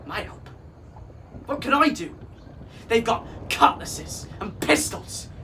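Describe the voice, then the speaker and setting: A man's voice: very high-pitched, sing-song, slow, pushed and bright, distant mic, a little hiss or hum, pitched above the performer's own voice, full character voice. A man voicing a shy, ashamed male parrot with a squawking voice. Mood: worried. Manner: squawky, fretful.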